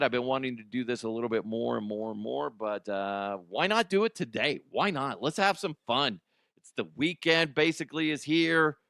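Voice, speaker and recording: A man's voice: mid-range voice, creaky, fairly bright tone, dry recording, clean studio sound. A man hosting a comedy podcast, rambling loosely and laughing between bits. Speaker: podcast host. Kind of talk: casual comedy monologue.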